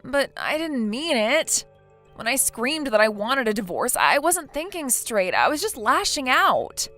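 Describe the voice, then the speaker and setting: A woman's voice: high voice, big pitch swings, unhurried, pushed and bright, soft background music, exaggerated voice. A woman voicing a self-pitying young wife in a text-message story, pleading and defensive.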